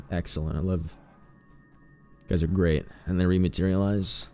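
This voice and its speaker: A man's voice: low voice, fairly even intonation, moderate pace, mellow, faint music behind. A man streaming a horror game with casual, sarcastic commentary, joking and swearing freely.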